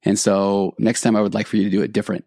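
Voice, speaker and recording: Middle-aged male therapist-host, gravelly low voice, earnest talk with restarts, dry close sound. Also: little pitch movement, quick pace, warm tone, no room sound. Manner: earnest, conversational, with frequent restarts. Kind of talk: reflective podcast monologue reading listener stories.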